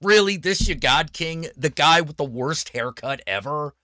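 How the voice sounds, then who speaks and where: A man's voice: on the high side, animated, measured pace, sharp tone, dry recording, studio quality. Sarcastic, swearing man ranting on stream. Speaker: streamer host. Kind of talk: profane political rant.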